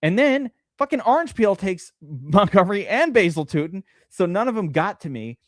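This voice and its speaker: A man hosting a live-stream fantasy draft, talking in an excitable, rambling way and swearing often. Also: high-pitched, moderate pace, no room sound, clean studio sound. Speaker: streamer host.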